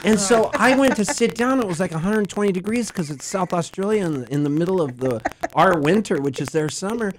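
A man's voice: sits high, animated, brisk, hardly any pauses, a little hiss or hum, low-quality recording. A man guesting in a radio studio, telling a long rambling anecdote with bursts of laughter. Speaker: musician guest. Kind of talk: storytelling on radio. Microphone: studio microphone.

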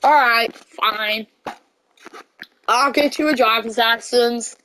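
A woman's voice: on the high side, slow pace, sharp tone, a little hiss or hum, pitched below the performer's own voice. A woman voicing a stern, protective father in a game role-play, speaking firmly. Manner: firm, scolding.

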